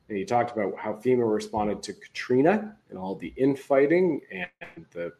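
A man's voice: medium pitch, expressive, moderate pace, gravelly, darkish tone, highs cut off. A man hosting a livestream, giving casual political commentary in a rambling, conversational way that often restarts. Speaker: livestream host.

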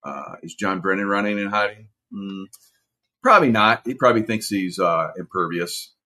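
An older man in his sixties with a slightly low voice tells stories from his military past in a loose, rambling monologue. He keeps stopping to restart his sentences and fills the gaps with "uh." He sounds casual, as if chatting with a friend. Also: moderate pace, bright, forceful tone. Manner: rambling, frequent "uh" fillers and restarts. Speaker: commentator, former Navy SEAL.

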